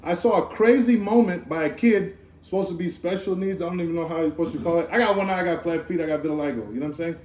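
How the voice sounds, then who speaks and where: Animated man preaching in an echoey room. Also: a little high, fast talker, hardly any pauses. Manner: animated, conversational, slangy with asides. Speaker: speaker giving a Torah talk. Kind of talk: informal sermon. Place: Sukkot gathering in a room.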